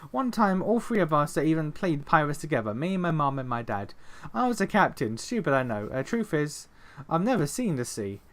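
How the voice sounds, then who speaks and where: A man's voice: a little high, sing-song, moderate pace, fairly bright tone. A man voicing a young man from a game who mutters with shame and irritation. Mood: embarrassed. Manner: muttering, embarrassed.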